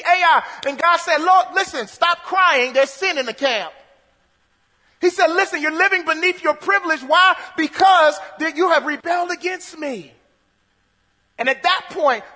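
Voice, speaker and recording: A man's voice: very high-pitched, sharp tone, big-room sound. A man preaching a sermon. He reads scripture aloud and then preaches, repeating phrases and restarting sentences.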